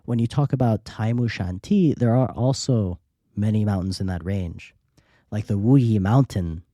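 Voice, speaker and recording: A man's voice: mid-range voice, dry recording, clean studio sound. A man hosting a podcast, telling a travel story in a casual way and acting out the people he met. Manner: lively anecdotal storyteller, acts out quoted dialogue. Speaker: podcast host.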